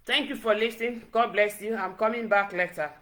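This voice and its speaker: A woman's voice: medium pitch, fairly even intonation, brisk, a bit bright. A middle-aged Nigerian woman vlogger scolding her critics in a repetitive, Pidgin-laced rant. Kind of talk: direct-to-camera rant.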